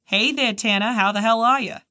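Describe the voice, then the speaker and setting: A booming, blunt female shrink with a broad New England accent, as a woman narrator puts her on. She talks loud and crude, cracking jokes in a voice pitched well above the reader's own. It is an audiobook reading. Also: a little fast. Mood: brash joking. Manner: blunt, bawdy, wisecracking. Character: brash middle-aged female psychiatrist friend.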